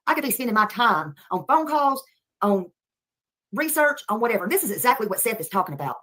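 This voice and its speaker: A woman's voice: a little high, big pitch swings, fairly quick, bright, forceful tone. Woman, livestream rant, heated, repetitive. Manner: heated, repetitive, thanking viewers between outbursts.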